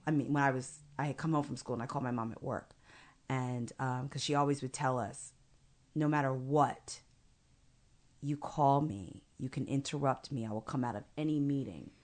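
A middle-aged woman telling a personal family story in conversation, earnest and measured, slowing down for emphasis. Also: a bass voice, darkish tone. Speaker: guest.

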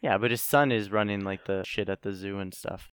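A man's voice: fairly low pitch, brisk. A man co-hosting a podcast, chatting casually, laid-back, laughing often and swearing freely. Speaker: podcast co-host. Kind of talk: casual chat.

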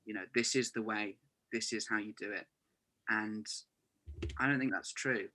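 Over a remote call, an actor in his twenties chats earnestly as a podcast guest, frequently saying "you know." His lowish voice holds a fairly even intonation at normal speed and sounds pushed and bright.

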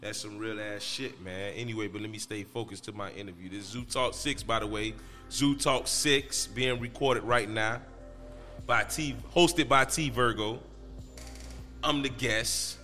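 A man's voice: fairly low pitch, a little slow, bright, forceful tone, in a large hall, soft background music. A man telling a story as a podcast guest in loose, profane street talk. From Miami, Florida. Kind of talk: casual storytelling.

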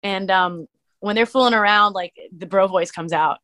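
A woman, a musician and streamer, chatting as a podcast guest and telling stories in an animated way, full of "like". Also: medium pitch, normal speed. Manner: animated storyteller, many "like" fillers. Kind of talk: casual interview chat.

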